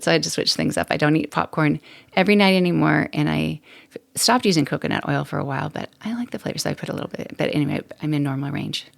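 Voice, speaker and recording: A woman's voice: low voice, gravelly. A middle-aged woman hosting a podcast, talking casually and candidly with frequent laughs and rambling asides. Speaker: podcast host. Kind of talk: casual solo podcast monologue.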